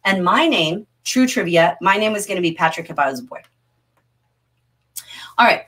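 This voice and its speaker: A middle-aged woman teaching a livestreamed literature class, animated and often laughing as she answers the chat. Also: fairly low pitch, moderate pace, pauses often, slightly rough.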